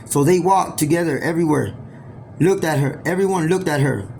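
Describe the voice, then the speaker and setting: A man telling a homemade story aloud, rambling and halting, often restarting his sentences. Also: a little high, creaky, darkish tone, slight background noise. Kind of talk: improvised oral storytelling.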